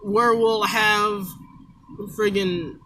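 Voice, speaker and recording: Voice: medium pitch, fairly even intonation, extremely slow, pushed and bright, slight background noise, rough recording. A fan storyteller telling an improvised what-if tale in a rambling, self-correcting way, with some casual swearing.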